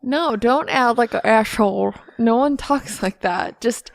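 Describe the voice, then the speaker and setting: A young woman co-hosting a comedy podcast, animated and swearing freely. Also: on the high side, unhurried, no room sound. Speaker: podcast co-host. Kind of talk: casual comedy podcast chat.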